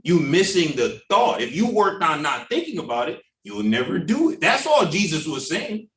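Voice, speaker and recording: A man teaching an informal Bible study class in a lively way, acting out what other people say in put-on voices. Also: on the high side, normal speed, slight background noise. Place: church classroom. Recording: echoey room, mic at a distance.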